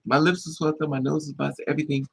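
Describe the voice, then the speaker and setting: A man vlogging, telling a personal story in an animated, emphatic way with plenty of swearing. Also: a little high, fast, vocal fry, husky, rough recording.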